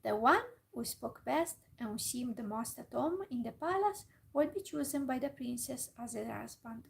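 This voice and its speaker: A woman reading a fairytale aloud in a whispered role-play, soft and slow with small slips. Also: on the high side, lively intonation, vocal fry, rough recording. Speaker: storyteller.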